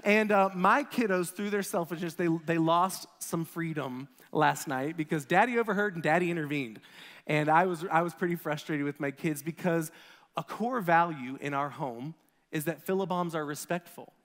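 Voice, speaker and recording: A man in his thirties, a pastor giving a conversational sermon, animated as he tells stories about his kids. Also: a little high, normal speed, big-room sound. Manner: conversational, animated storytelling with acted quotes.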